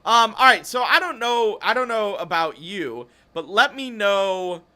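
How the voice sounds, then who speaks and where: Male podcast host, fairly high bright voice, rambling chatty delivery, casual talk. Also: expressive, measured pace. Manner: rambling, self-interrupting, chatty. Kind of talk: casual esports podcast chat.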